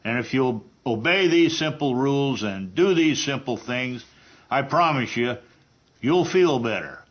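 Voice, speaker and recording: A man's voice: medium pitch, lively intonation, a little slow. Homespun male advice voice, lo-fi clip. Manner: earnest, homespun advice-giving. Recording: dull lo-fi archive clip.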